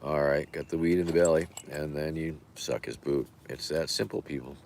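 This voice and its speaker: A hoarse man hosting a livestream, rambling in deadpan jokes with plenty of fillers. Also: a bass voice, moderate pace. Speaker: livestream host. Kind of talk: casual stream chat.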